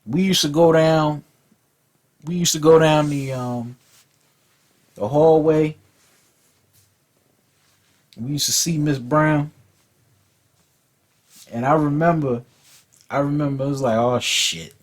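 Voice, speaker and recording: A man's voice: a little high, fairly even intonation, slow, long pauses, a little mellow. A man telling a profane, rambling story from his school days in a casual rant, often repeating words. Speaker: vlog host.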